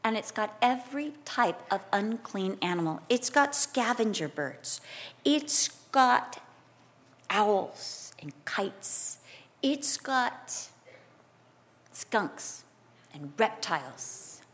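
A middle-aged woman preaching a sermon, switching between scripture teaching and a lively personal story, acting out quotes loudly. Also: medium pitch, very slow.

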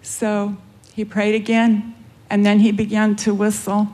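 A woman with a slow Californian drawl, telling a personal testimony as an interview guest, acting out the dialogue softly. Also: medium pitch, monotone. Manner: slow, soft storytelling, quotes dialogue.

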